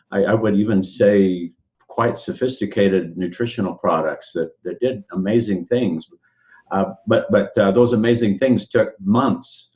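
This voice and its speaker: A man talking casually in a halting way, with many fillers and repeated words. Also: fairly low pitch, darkish tone. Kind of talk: casual conversation. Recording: dull lo-fi sound.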